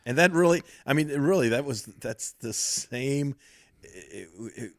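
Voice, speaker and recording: An older Southern man, a former wrestler who now hosts a podcast, speaks at a medium pitch, a little slowly and expressively, in studio-quality audio with no room sound. He tells rambling stories in a casual chat, laughing and switching into voices for the people he quotes.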